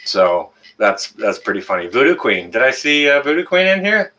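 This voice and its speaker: A man's voice: mid-range voice, very animated, normal speed, bright, forceful tone. A man with a Canadian accent hosting a casual live-stream chat on a webcam and greeting viewers one by one by name. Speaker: livestream host.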